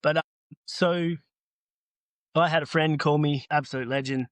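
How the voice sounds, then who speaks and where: Animated Australian man telling stories. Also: on the high side, a little slow, no echo. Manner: animated, acts out both sides of conversations. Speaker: podcast guest, earthmoving business owner. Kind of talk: casual storytelling.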